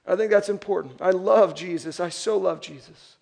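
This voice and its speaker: High-voiced man preaching a lively sermon. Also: normal speed, gravelly. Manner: animated, acts out quoted voices. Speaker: pastor.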